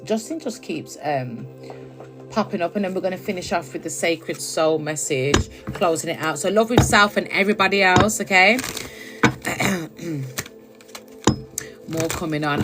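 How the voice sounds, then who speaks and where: A woman's voice: on the low side, unhurried, pauses often, music in the background. A woman giving a blunt, chatty tarot reading on a live stream from her phone. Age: adult. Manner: chatty, blunt, with frequent laughs and swearing. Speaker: tarot reader.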